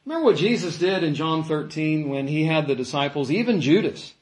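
Animated preacher, man, slightly high voice, roomy echo. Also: fairly quick. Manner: animated, acts out quoted voices. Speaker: pastor. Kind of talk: sermon. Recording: echoey room.

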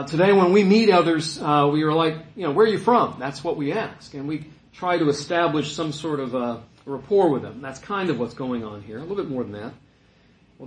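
A man's voice: fairly high pitch, echoey room. A man teaching through a Bible passage in a conversational way, with asides and fillers as he explains. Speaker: pastor.

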